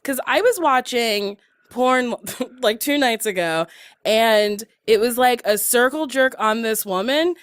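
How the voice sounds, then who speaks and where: A woman's voice: on the high side, lively intonation, takes it slowly, dry recording, studio quality. A woman hosting a casual chat show, blunt and giggly with crude jokes. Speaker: podcast host.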